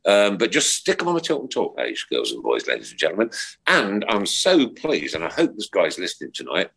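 A man's voice: deep voice, wildly swooping pitch, a little fast, creaky, fairly bright tone, slightly rough. A middle-aged man hosting a podcast in casual chat, jokey and rambling, with many fillers and restarts. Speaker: podcast host.

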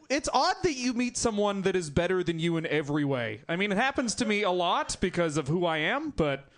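Animated high-voiced comedian doing crowd work. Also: male voice. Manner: animated, laughing between jokes. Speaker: stand-up comedian. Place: comedy club stage.

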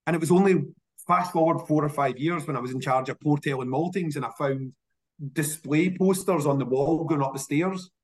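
Scottish man, casual interview guest, lively storyteller who doubles up words when he restarts. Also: a little high, fairly quick. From Scotland. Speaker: whisky industry guest.

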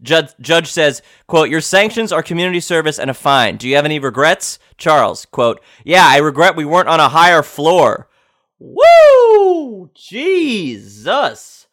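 A man hosting a podcast, casually reading out sports quotes and reacting with loud disbelief and swearing. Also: a little high, normal speed, few pauses. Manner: incredulous, swears and reacts loudly. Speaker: podcast host.

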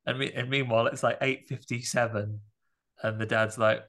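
In a relaxed podcast conversation, a male co-host animatedly retells a film's plot and performs the characters' lines. His mid-range voice is steady and a little bright, and he keeps a moderate pace.

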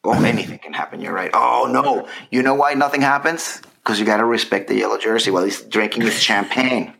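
A man's voice: fairly low pitch, fairly quick, vocal fry. A middle-aged man co-hosting a casual chat, ranting and mocking himself. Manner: ranting, self-mocking, animated. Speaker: podcast co-host.

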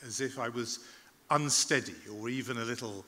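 A man speaks to an audience with a bright, forward voice, recounting events in a measured, reflective way. He often stops on a filler and picks his words again. His voice rings out with a long reverb from a large hall. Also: mid-range voice. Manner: measured, reflective, with frequent "uh" restarts. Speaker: journalist giving a talk. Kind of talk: public talk, storytelling.

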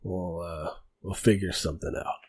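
A man voicing a gruff, grizzled bugbear leader in a tabletop game. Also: low voice, steady tone, normal speed, a little mellow.

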